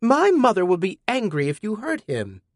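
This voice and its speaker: A man's voice: high voice, wildly swooping pitch, moderate pace, no echo, studio quality, pitched above the performer's own voice. A man voicing a bold, stubborn teenage girl in an audiobook, with insistent outbursts.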